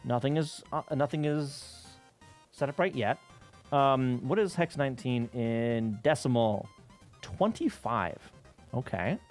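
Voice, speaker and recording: A man's voice: mid-range voice, expressive, takes it slowly, soft background music. A man live-streaming while reverse engineering game code, chatting casually and rambling, with frequent swearing, laughter and restarts.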